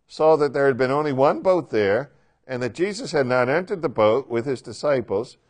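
With a mid-range voice, a male Bible teacher animatedly leads his class through the reading in a casual manner. He plays out the quoted lines and keeps asking the listeners questions.

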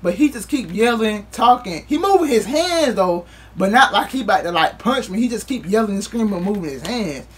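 A man's voice: sits high, big pitch swings, fairly quick, few pauses, a little hiss or hum. A man vlogger telling a casual storytime in loose, profane street talk, acting out what others said.

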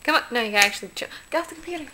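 A woman's voice: fairly high pitch, expressive, racing, bright, forceful tone, slight background noise. A woman filming her dogs at home, coaxing them through tricks with short repeated commands. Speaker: pet owner. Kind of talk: home video talking to pets.

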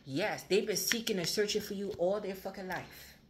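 A woman's voice: medium pitch, normal speed, background noise. A woman giving a casual tarot reading, chatty and repetitive, swearing freely. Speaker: tarot reader.

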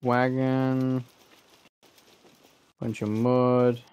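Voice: medium pitch, flat delivery, extremely slow, a little mellow, smooth, highs cut off. Frustrated, swearing gamer. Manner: frustrated, swears often, talks to the game. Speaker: gamer streaming a playthrough. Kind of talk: gameplay commentary.

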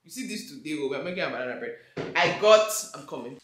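A woman in her twenties from Nigeria, with a Nigerian accent, chatting excitedly in a home vlog and slipping into Yoruba. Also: low-pitched, fast talker, reverberant, slight background noise. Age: 20s. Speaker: vlogger. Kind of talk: casual vlog chat. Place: home kitchen, indoors.

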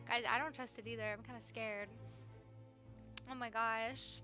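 A woman's voice: fairly high pitch, fairly even intonation, normal speed, bright, forceful tone, faint music behind. A young woman live-streaming a game, chatting with her viewers in a bubbly, gushing way as she reads the chat. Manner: bubbly, chatty, says bestie and slay. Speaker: livestreamer.

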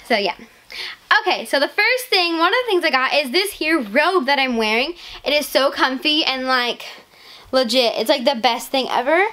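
A bright, high-pitched teenage girl talking straight to her camera in a casual vlog. She gushes and bubbles over, stringing everything together with "like" and "legit," and her excitement keeps spilling out. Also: moderate pace. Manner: gushing, excitable, lots of "like" and "legit". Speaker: vlogger.

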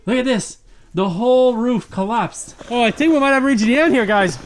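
Playful family dad. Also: male voice, very high voice, moderate pace, noisy background. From Québec, Canada. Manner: playful, teasing, laughs often. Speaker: family vlogger. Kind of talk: casual family vlog chat. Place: snowy forest trail outdoors.

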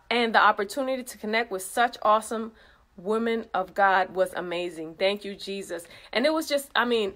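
A woman's voice: mid-range voice, a bit bright. A woman organizing a retreat, chatting casually as she reads messages aloud and adds effusive praise exclamations. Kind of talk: casual recap vlog.

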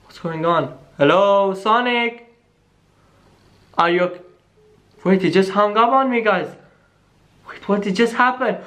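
Brief: excitable vlogger hosting a spooky phone-call skit, mid-pitched voice, talks to viewers, swings into hushed tension. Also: measured pace, pauses often. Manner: excitable, keeps saying "guys", drops to hushed tones. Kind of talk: staged scary phone-call skit vlog.

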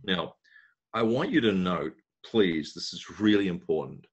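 A man presenting a marketing webinar, telling a story and acting out the dialogue, often clearing his throat. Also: low voice, lively intonation, measured pace, muffled recording.

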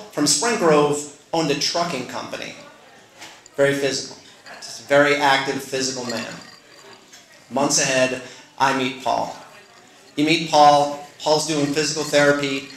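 A man's voice: on the high side, a bit bright, echoey room, low-quality recording. Earnest middle-aged man telling a story. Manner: earnest, conversational, self-deprecating asides. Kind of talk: live personal storytelling on stage. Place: stage in a live venue.

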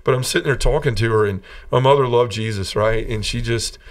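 A man's voice: mid-range voice, fairly quick, far from the mic. A man from Tennessee, a podcast guest, telling his personal story in an earnest and emotional way. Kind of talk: personal testimony in an interview.

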